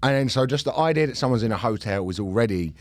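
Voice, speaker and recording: A man co-hosting a podcast in casual discussion, rambling and swearing freely with animated asides. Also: medium pitch, quick pace, no echo. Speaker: podcast co-host.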